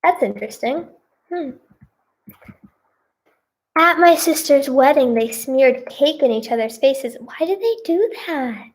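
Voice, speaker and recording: A woman's voice: high voice, animated, a little slow, pauses often. A woman giving casual reaction commentary, reading posts aloud with giggly, exclamatory remarks. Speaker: singer and video creator.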